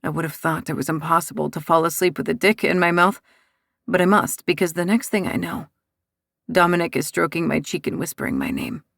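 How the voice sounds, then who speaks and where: A woman narrating a first-person romance audiobook in a soft, intimate, unhurried way. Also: on the low side, sing-song, gravelly, no echo, studio quality.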